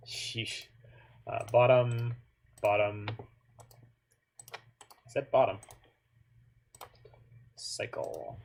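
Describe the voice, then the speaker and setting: A man's voice: fairly low pitch, slow pace, creaky, long pauses, slightly rough. A man from Canada, giving casual, joking commentary while he plays an online card game, with muttered asides in between.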